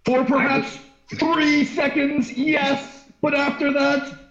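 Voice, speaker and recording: A man voicing a formal male adventurer who speaks in measured, deliberate phrases. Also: very high-pitched, flat delivery, creaky, a bit bright, reverberant, muffled recording, pitched above the performer's own voice, full character voice.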